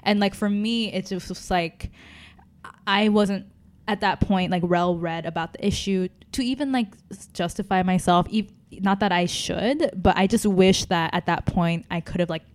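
A woman in casual podcast chat, retelling a dating story in a rapid, animated way, full of "like" and "you know". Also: on the low side.

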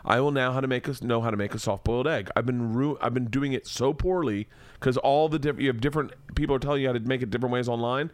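A man's voice: medium pitch, steady tone, fast talker, no room sound. Joking, profane male podcast host. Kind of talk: casual ad read.

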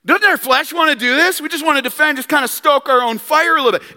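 A male pastor preaches with animated rhetorical questions aimed straight at his congregation. His voice is high and very bright, and a long reverb trails after it in the church. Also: fast. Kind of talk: sermon.

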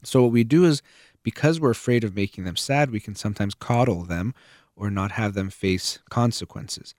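A man with a fairly low voice talks earnestly about raising children, mixing a personal story with examples of what a parent might say. The sound is dry and close, with no room echo. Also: normal speed, darkish tone. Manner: earnest, explains with personal stories and quoted examples. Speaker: parenting advice speaker. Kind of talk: conversational advice talk.

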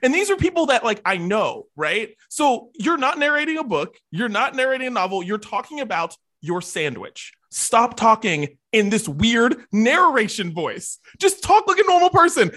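A man with a bright, forceful voice, pitched a little high, rants in exasperation during a casual podcast chat and laughs often. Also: sing-song, normal speed, hardly any pauses. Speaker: podcast host.

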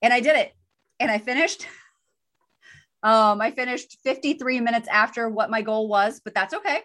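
A woman with a slightly high voice chatting on a podcast. She tells stories in an animated, self-deprecating way, with a relaxed conversational flow. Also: moderate pace. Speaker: podcast co-host. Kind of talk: casual chat.

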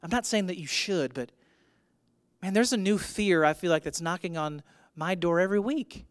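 A male pastor preaching a sermon. He swings between loud, emphatic declarations and hushed, intimate lines, and calls out to his congregation. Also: high-pitched, normal speed, no echo. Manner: addresses the congregation directly with call-and-response prompts. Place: church.

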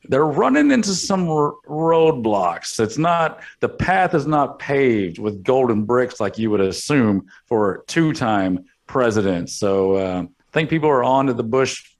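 A man co-hosting a podcast talks casually and keeps breaking into jokes. He often stops and restarts his sentences, and his voice stays in an ordinary middle pitch. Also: lively intonation. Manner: joking, halting restarts, laughs along. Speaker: podcast co-host. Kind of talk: casual profane chat.

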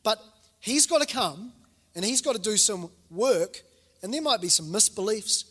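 A man's voice: sits high, moderate pace, husky. A man, preaching a sermon as a pastor and acting out the voices in the stories he tells. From New Zealand. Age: 40s. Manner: animated storytelling, acting out quoted voices. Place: church hall. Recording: reverberant church hall.

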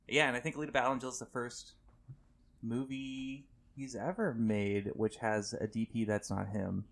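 A man hosting a film podcast in casual chat, talking in quick, self-correcting asides. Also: medium pitch, fairly even intonation, creaky. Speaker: podcast host.

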